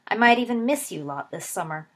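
A woman doing a quiet, wry schoolboy. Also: medium pitch, expressive, a little fast, voice pushed up.

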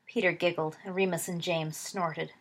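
A woman reading a story aloud as narrator, steady, dropping low and soft for dialogue tags. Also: normal speed. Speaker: reader.

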